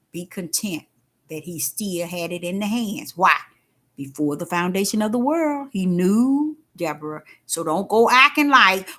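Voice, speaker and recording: An older woman with a medium-pitched voice hosts a faith talk, sharing a casual spiritual testimony in a folksy, emphatic way. She repeats herself and swings between loud outbursts and hushed tones.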